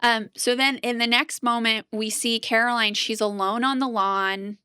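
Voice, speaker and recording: Bright, crisp-voiced woman podcast co-host. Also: a little high, moderate pace, no echo, studio quality. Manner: animated storytelling with frequent "like". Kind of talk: casual recap chat.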